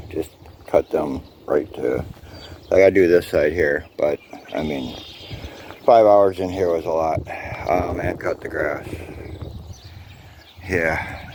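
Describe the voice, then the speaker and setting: A man's voice: low voice, slight background noise. A man vlogging outdoors in his yard, chatting casually to his viewers with lots of ums, calling them guys. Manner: relaxed, rambling, addresses viewers as guys, many ums. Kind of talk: casual chat to camera.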